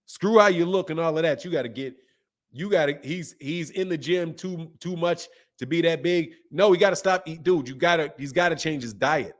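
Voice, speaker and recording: A man in his fifties chats on a live boxing stream, thanking viewers and riffing in loose slang. His voice sits a little high for a man, and he laughs often as he talks. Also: normal speed. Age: 50s. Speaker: boxing channel host. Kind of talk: casual live-stream chat.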